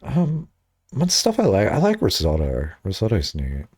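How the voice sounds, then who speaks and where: A young man streaming and chatting casually, rambling and self-mocking, with high squeaky bursts when he acts out his own lines. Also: wildly swooping pitch, moderate pace, a little mellow, breathy edge.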